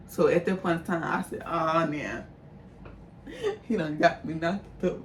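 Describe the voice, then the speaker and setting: A woman's voice: fairly low pitch, unhurried, distant mic. A young woman tells a casual storytime, chatty and direct with her audience. Her voice sits somewhat away from the mic, with a roomy echo and a faint hum underneath. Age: young adult. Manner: chatty, addresses viewers as y'all. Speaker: vlogger telling a story.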